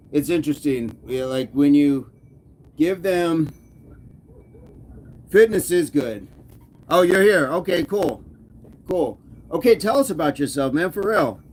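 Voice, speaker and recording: A man's voice: a little high, expressive, slow pace, long pauses, darkish tone. A man hosting a fitness livestream, casually teasing and chatting with his viewers. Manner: playful teasing banter, reads and answers chat. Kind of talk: casual live chat with viewers.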